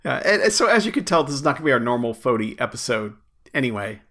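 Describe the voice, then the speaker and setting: A man's voice: mid-range voice, sing-song, fast talker, fairly bright tone. Laid-back man hosting a podcast. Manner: laid-back, laughs easily, trails off. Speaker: podcast host. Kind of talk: casual chat. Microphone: remote video call.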